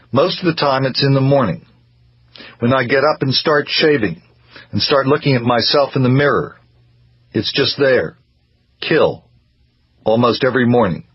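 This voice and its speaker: A man voicing a depressed middle-aged man who mumbles in a flat, reluctant monotone, in a read-aloud story. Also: mid-range voice, husky, muffled recording.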